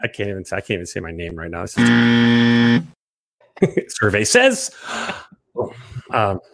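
A young man co-hosting a casual sports chat, rambling and jokey, quick to laugh. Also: fairly low pitch, gravelly, a bit bright, no room sound. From Chicago area. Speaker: sports podcast co-host.

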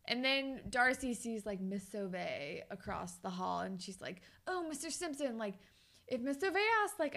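A woman's voice: a little high, gravelly, a bit bright. A young woman co-hosting a podcast, chatting casually and retelling TV scenes, acting out the characters' lines as she goes. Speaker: podcast co-host. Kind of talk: casual TV recap chat.

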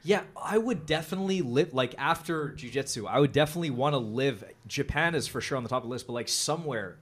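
A man's voice: medium pitch, animated. Laid-back, profane male podcast host. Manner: loose and profane, with quick reactions. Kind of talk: casual chat.

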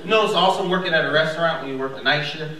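A man's voice: very fast, very noisy. A young man performing a stand-up comedy set, acting out characters with big jumps in his voice. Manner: animated, acts out characters with big pitch jumps. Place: comedy club stage before a laughing crowd. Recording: echoey club audio, mic far off, crowd laughing. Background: audience laughter.

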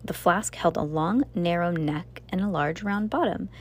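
Woman reading a dark tale aloud. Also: on the low side, normal speed, breathy edge. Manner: dramatic, with slips and self-corrections. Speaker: storyteller.

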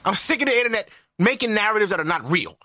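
A man hosting a podcast alone, ranting loudly and profanely in disbelief. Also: sits high, sing-song, fast, slight background noise. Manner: loud, profane, incredulous ranting. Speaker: podcast host. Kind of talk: ranting solo podcast commentary.

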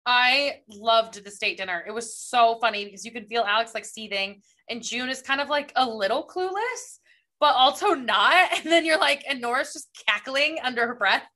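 Bright-voiced woman raving about a book. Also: a little high, animated, moderate pace. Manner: enthusiastic, rambling recaps. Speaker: podcast co-host. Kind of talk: casual book chat.

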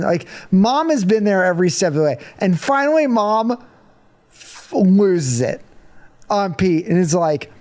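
A woman's voice: mid-range voice, measured pace. A woman chats through a film's plot on a casual podcast. She tells it expressively, quotes the characters and laughs now and then as she goes. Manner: expressive, laughs while recounting scenes. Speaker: podcast co-host. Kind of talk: casual movie recap chat.

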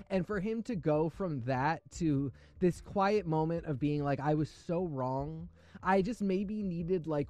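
A man's voice: on the high side, mellow. A man co-hosting a casual comics chat, playful and emphatic. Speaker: comics podcast co-host.

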